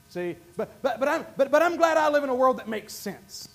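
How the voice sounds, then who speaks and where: A man preaching a sermon, swinging from quiet asides to shouted bursts of praise. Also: very high-pitched, lively intonation, fairly quick. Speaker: pastor.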